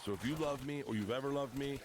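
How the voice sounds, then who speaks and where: A man guest on a podcast, telling comic stories loudly, swearing freely and laughing often. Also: medium pitch, fast, noisy background. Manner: loud, profane comic storytelling full of laughter. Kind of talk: casual podcast chat.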